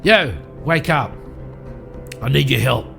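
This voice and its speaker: A man's voice: low-pitched, slow, faint music behind. A man voicing a tough male bounty hunter who gives blunt, clipped orders in his own voice. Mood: brusque.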